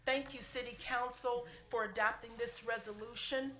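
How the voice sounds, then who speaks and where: A woman's voice: on the high side, fairly even intonation, bright, forceful tone. Emotional woman speaking in an echoey chamber. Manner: heartfelt, halting, fighting back tears. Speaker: city clerk. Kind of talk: emotional tribute speech at a council meeting. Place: council chamber. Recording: echoey chamber with faint room noise.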